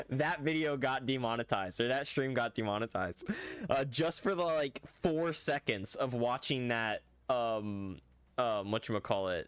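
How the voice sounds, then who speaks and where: A male streamer chats loosely with his viewers while he plays. His talk rambles and is full of filler like "like" and "bro". His voice sits at a middling pitch, and the recording is dry with no room echo. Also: fairly bright tone. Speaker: game streamer. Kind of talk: casual livestream chat.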